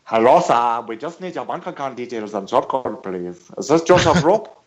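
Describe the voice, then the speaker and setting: A man's voice: medium pitch, lively intonation, normal speed, voice pushed down, lightly acted, poor audio. A man putting on a polite phone scammer. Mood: wheedling. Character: male phone scammer with a put-on African accent.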